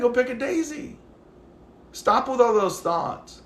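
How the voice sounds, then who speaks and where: This livestream host's voice is extremely high-pitched, slow, and full of pauses, with a reverberant sound. He rants casually on his phone while walking the dog. He swears freely and animatedly acts out the people he quotes in his stories.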